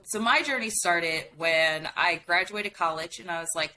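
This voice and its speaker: Bright-voiced woman, animated guest storyteller. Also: on the low side, moderate pace, slight background noise, low-quality recording. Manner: animated storyteller with many "like" fillers. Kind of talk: casual interview chat.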